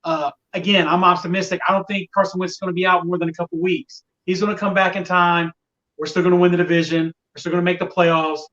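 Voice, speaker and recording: A man's voice: sits high, level tone, quick pace, fairly bright tone, distant mic, muffled recording. A man talking casually on a sports podcast, venting with exasperation about fickle fans. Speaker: podcast guest, Colts fan.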